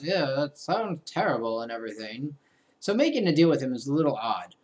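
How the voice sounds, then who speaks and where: A young man hosting a let's play, giving casual, playful commentary that trails off into mumbled asides. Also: medium pitch.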